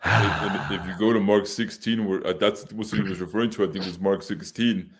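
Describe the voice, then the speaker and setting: A man's voice: fairly low pitch, fairly even intonation, brisk. A man co-hosting a casual chat, explaining points carefully, with frequent restarts. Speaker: co-host.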